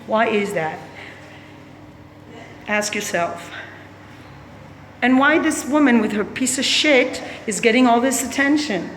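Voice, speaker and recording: A woman's voice: medium pitch, slight background noise. A woman walking through an art gallery, speaking her opinions bluntly and sarcastically, with plenty of swearing. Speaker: gallery visitor. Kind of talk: candid spoken gallery walkthrough. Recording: roomy gallery with long reverb.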